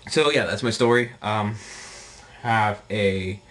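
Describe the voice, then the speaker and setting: A young man video blogger telling a story casually, rambling and animated, with lots of fillers. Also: fairly low pitch, takes it slowly.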